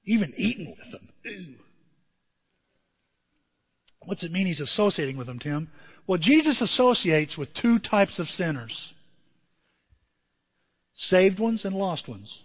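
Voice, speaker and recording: Husky high-pitched male pastor, dull lo-fi church recording, animated sermon delivery. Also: normal speed, long reverb tail. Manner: animated, jumps to loud high emphasis and drops to quiet asides.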